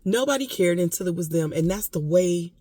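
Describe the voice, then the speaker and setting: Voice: medium pitch, animated, fairly quick, dark tone, dry recording. A vlogger giving impassioned casual commentary, emphatic and repetitive, with occasional coughing. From United States.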